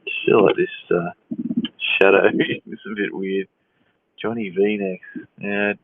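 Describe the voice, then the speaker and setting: A man's voice: deep voice, flat delivery, takes it slowly, slight background noise. A man hosting a casual live Q&A, reading viewers' questions aloud in an easygoing, amused way and chuckling often. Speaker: livestream host answering chat. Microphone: phone livestream. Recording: dry, tinny phone-like sound.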